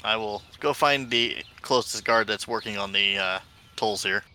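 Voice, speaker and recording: A man's voice: lowish voice, moderate pace, sharp tone, a little hiss or hum. A man playing a tabletop role-playing game, talking casually and a little hesitantly. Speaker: player.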